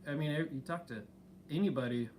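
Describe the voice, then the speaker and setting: A man's voice: fairly high pitch, fairly quick, a little mellow, slight background noise. A man co-hosting a casual live stream, talking in an easygoing, rambling way with many fillers. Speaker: channel co-host.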